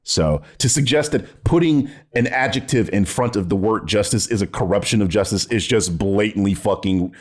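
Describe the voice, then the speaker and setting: A man's voice: lowish voice, normal speed, few pauses. A man reacting to a video, sarcastic and exasperated, swearing often and laughing in disbelief. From United States. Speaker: commentary youtuber reacting to a video. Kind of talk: reaction commentary, casual and profane.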